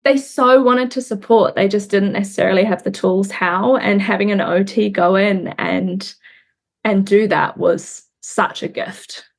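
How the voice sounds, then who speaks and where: Young woman guest, earnest and reflective, measured conversational delivery. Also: medium pitch, steady tone, gravelly. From New Zealand. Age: young adult. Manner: reflective, earnest, pauses and restarts while recounting. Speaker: interview guest. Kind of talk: candid conversational interview.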